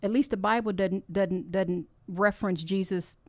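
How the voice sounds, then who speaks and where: A woman's voice: mid-range voice, fairly even intonation, normal speed, no room sound. Earnest woman giving a faith talk. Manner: earnest, heartfelt, exhorting; personal, rambling storytelling with restarts. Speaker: podcast host. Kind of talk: faith-based encouragement talk.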